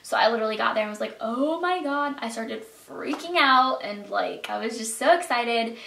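A teenage girl chats through a storytime vlog, excitable and full of fillers. Her voice sits a little high with a gravelly fry at the ends of phrases. The room around her is echoey. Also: fairly quick, a little hiss or hum. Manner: excitable, chatty, lots of fillers. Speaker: vlogger.

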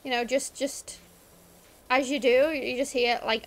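High-voiced chatty Scouse woman. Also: steady tone, measured pace. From Liverpool. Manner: rambling and chatty, lots of fillers. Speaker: streamer. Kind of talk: casual game stream chat.

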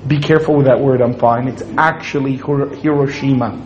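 A man's voice: medium pitch, steady tone, a little fast, a little mellow, lo-fi sound, slight background noise. A man giving a humorous Islamic lecture to an audience, joking and acting out little scenes as he speaks. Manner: joking, playful storytelling with acted-out quotes.

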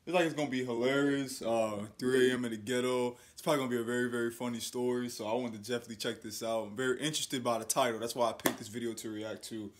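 A man's voice: mid-range voice, steady tone, fast talker, hardly any pauses. A man hosting a casual YouTube reaction video, laid-back and sprinkling his talk with slang.

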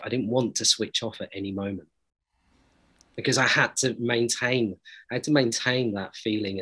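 A man's voice: fairly low pitch, a bit bright, husky, low-quality recording. A man, an actor being interviewed, giving earnest, reflective answers full of hesitations and restarts. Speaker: actor interviewed about a series.

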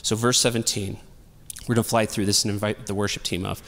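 A man's voice: lowish voice, fast talker, long reverb tail. Casual, joking male pastor preaching. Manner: casual, humorous, animated storytelling. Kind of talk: sermon. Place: church sanctuary.

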